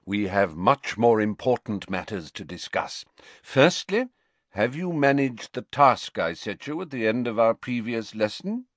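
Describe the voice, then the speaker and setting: A man reading an audiobook, voicing an elderly wizard headmaster who speaks in a measured, patient and slightly tired way. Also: mid-range voice, big pitch swings, no echo. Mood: patient, weary. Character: elderly wise male headmaster, calm, weary. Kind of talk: audiobook character voice.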